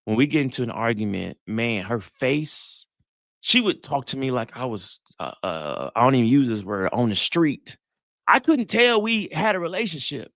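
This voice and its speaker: A middle-aged man, a psychologist giving a lively live talk. He tells stories, acts out the dialogue and keeps asking the crowd if they get it. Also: medium pitch, moderate pace, vocal fry, no room sound, clean studio sound. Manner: animated storytelling, acts out dialogue, asks the crowd questions. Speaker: psychologist giving relationship advice.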